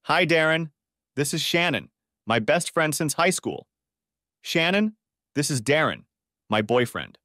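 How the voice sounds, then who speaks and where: A man voicing an outgoing young woman who is loud and friendly. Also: fairly high pitch, big pitch swings, unhurried, long pauses, no room sound, clean studio sound, voice pushed up, full character voice.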